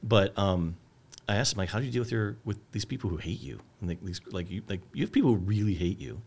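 A man's voice: on the low side, expressive, fast, a little mellow, husky. A middle-aged man as a filmmaker guest, talking casually and searching for words with many restarts. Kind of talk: casual conversation.

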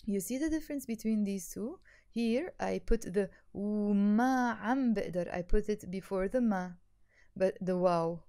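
Mellow-voiced woman teaching a language. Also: mid-range voice. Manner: patient, repeats words slowly for learners. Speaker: Arabic teacher. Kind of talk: language lesson.

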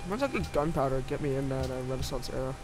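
A man's voice: medium pitch, expressive, fast, a little mellow, poor audio. A young man co-playing a multiplayer strategy game, laid-back in casual banter. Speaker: co-player.

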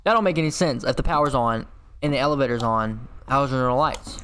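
A man giving horror game commentary, swearing constantly and yelling when he gets startled. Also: mid-range voice, fast, slight background noise. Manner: swears constantly, jumpy and loud when scared. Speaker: gaming video host.

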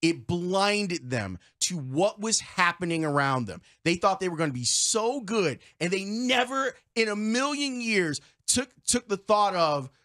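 Give me an emphatic male sports radio host with a high, very lively voice. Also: a little slow, hardly any pauses. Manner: emphatic, repetitive, fired-up. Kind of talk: heated sports talk radio rant. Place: radio studio.

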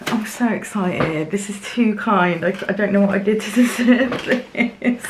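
Slow, gushing young woman vlogger. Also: mid-range voice, noisy background. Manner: gushing, excitable, chatty with fillers and little laughs. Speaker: craft vlogger. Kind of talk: casual unboxing chat to camera. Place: home craft studio, indoors.

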